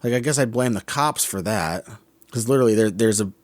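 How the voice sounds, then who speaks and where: A man's voice: lowish voice, brisk, no room sound. A man co-hosting a podcast, talking through a movie's scenes in a musing, critical way and often correcting himself mid-sentence. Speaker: podcast co-host. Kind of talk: casual film discussion.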